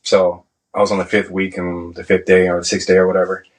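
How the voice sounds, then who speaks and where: Male Navy veteran guest, low-pitched, casual profane storyteller who acts out quotes. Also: little pitch movement, fast talker, rough recording.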